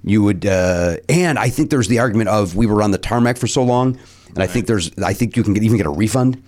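A man's voice: lowish voice, fast talker. A middle-aged man hosting a podcast, telling a travel story in casual chat and acting out what others said. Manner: animated, acts out other people's lines. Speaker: podcast host.

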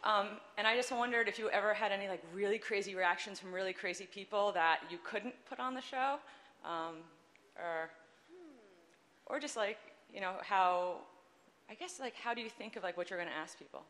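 A woman in the audience asking a hesitant, rushed question. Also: mid-range voice, fairly bright tone, big-room sound.

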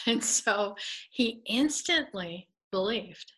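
A woman's voice: mid-range voice, slow pace, husky, low-quality recording. Woman telling a story with frequent laughs. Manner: animated storyteller who laughs often and acts out the quotes. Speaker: guest. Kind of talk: telling a personal faith story.

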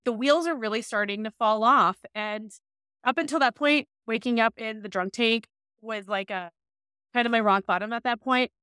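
Podcast guest: a woman with a higher, bright voice and a dry close sound. She tells her story openly and casually. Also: moderate pace, clean tone, no echo. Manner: open, casual, lots of "like" fillers. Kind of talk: candid personal storytelling.

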